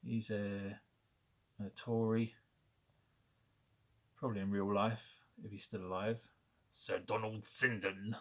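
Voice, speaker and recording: A man's voice: on the low side, little pitch movement, slow, pauses often, fairly bright tone. A man in his forties from Britain, chatting casually and wryly about his film memorabilia, rambling and correcting himself as he goes. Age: 40s. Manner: rambling, self-correcting, wry. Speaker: collector showing memorabilia. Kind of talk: casual chat.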